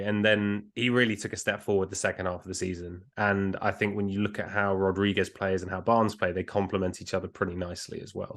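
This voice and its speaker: Low-voiced man, polite and hesitant. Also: a bit bright. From United Kingdom. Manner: polite, apologizes for interrupting, hesitant fillers. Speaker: podcast co-host. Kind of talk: casual sports podcast chat.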